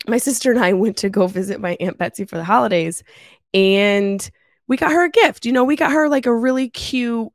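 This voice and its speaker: A woman in her thirties hosting her own podcast with a stuffy nose from a cold, chatting in a lively, swearing, joking way from her mother's house on a travel mic. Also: on the high side, brisk, dry recording, clean studio sound. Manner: animated, swearing, laughing storyteller. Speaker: podcast host. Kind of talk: casual solo podcast chat. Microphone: travel mic without pop filter.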